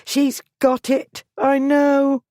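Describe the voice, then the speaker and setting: A frightened orphan schoolgirl pleads in a high, breathless voice on the edge of tears, as a woman narrator puts her on. The sound is dry and close, with a soft, mellow edge. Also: completely flat delivery, very slow, no echo. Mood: frantic. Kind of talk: audiobook character voice.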